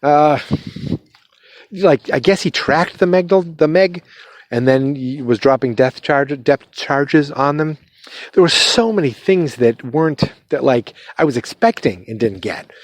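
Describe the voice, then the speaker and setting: A man's voice: medium pitch, no echo. A man hosting a podcast, rambling hesitantly through a movie review while walking his dog outside in his neighborhood. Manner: rambling, hesitant, lots of fillers and restarts. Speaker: podcast host.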